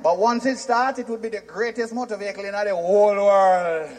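A Jamaican man from Jamaica performing stand-up comedy, animated and shouting his punchlines in patois. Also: high-pitched, fast talker, slight background noise.

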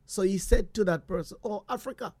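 Jamaican man, storytelling monologue, animated, patois slips, dry close sound. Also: high-pitched, a little fast, dry recording. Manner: animated, slipping into patois, repeats phrases.

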